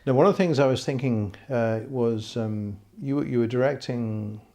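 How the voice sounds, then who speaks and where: A man's voice: medium pitch, normal speed, warm tone. A man hosting a casual interview, asking long, hesitant questions full of restarts. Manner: hesitant, many fillers and restarts. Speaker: interviewer and film director.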